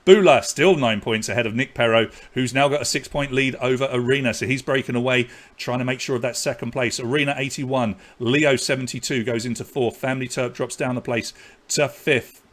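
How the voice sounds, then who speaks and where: A man's voice: mid-range voice, fairly even intonation, brisk. A man with an English accent hosting a live online pub quiz, reading questions and scores with chatty, jokey asides. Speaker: quiz host.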